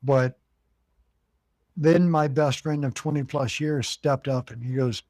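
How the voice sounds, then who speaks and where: A man's voice: medium pitch, steady tone, takes it slowly, darkish tone, no echo. A man who owns a haunted cabin, telling a long story as an interview guest and acting out what others said. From United States. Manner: retells conversations, acting out quoted voices.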